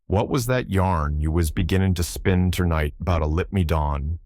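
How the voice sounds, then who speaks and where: Guy doing a lazy drawling sailor, deep voice, dry sound. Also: moderate pace, a little mellow, no room sound, lightly acted.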